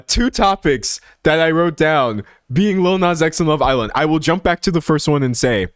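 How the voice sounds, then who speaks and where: A man's voice: fairly high pitch, no echo, studio quality. Laughing man ranting on a livestream. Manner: laughs often, rambling with restarts. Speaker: livestream host. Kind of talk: casual livestream rant. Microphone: streaming microphone.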